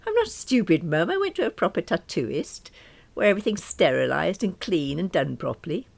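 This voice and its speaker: An offhand Welsh teenage lad heading off to university, cheeky yet a bit sheepish, as a woman reads him aloud in a storybook. He talks in defensive mumbles, and the voice carrying him sits low, with lively swings in pitch. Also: moderate pace, vocal fry, exaggerated voice. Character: teenage Welsh son, cheeky but shy.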